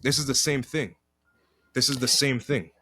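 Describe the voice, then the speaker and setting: A man co-hosting a podcast in casual chat, animated and slangy, rambling through his takes. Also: medium pitch, normal speed, breathy edge, no room sound, studio quality. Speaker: podcast co-host. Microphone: podcast mic.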